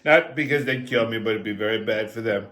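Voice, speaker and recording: A man's voice: on the low side, brisk, fairly bright tone, voice pushed down, close to an everyday voice. A man doing an impression of a boastful male president who repeats himself and makes threats. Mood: boastful, threatening.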